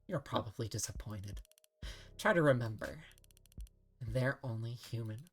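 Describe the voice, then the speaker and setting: A woman's voice: rumbling low, a little slow, breathy edge, soft background music, pitched below the performer's own voice, exaggerated voice. A woman voicing a female AI assistant in a game, sweet-sounding and passive-aggressive, with a condescending manner. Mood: patronizing. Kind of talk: game dialogue read-along.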